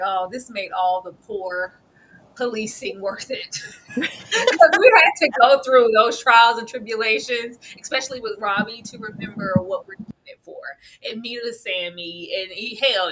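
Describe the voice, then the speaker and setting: A woman co-hosting a casual TV episode review, expressive and slangy, laughing as she talks to her chat. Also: fairly high pitch, unhurried, background noise.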